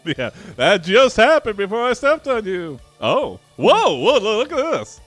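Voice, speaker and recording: A man's voice: high voice, big pitch swings, measured pace, a bit bright, no room sound, soft background music. A man hosting a live AI storytelling stream, chatting casually and laughing often between story readings.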